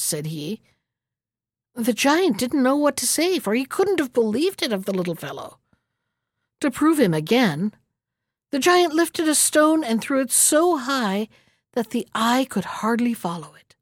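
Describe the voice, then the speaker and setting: Storybook narrator, woman, expressive, bright and lively, dry close recording. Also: on the high side, unhurried, dry recording.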